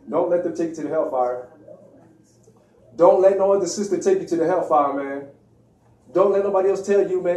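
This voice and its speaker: A man's voice: sits high, brisk, warm tone. Slangy preachy guy lecturing, acts out voices, roomy echo, sounds far from the mic. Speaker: religious speaker. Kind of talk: informal religious lecture. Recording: echoey room, distant mic.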